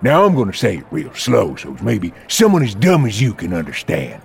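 A sneering crooked deputy. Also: male voice, lowish voice, wildly swooping pitch, normal speed, creaky, darkish tone, full character voice. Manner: swaggering, sneering, blustery. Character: bullying crooked male small-town deputy.

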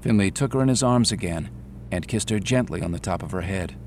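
A man giving steady, measured story narration. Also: sits low, a little hiss or hum. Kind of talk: scripted narration. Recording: music under the voice.

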